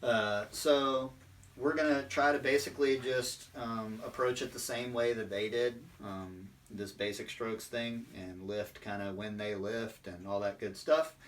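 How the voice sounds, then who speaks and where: A man's voice: medium pitch, steady tone, measured pace, a bit bright, recorded from a distance, slight background noise. A man, a percussion instructor, explaining drum technique in an online lesson with many fillers.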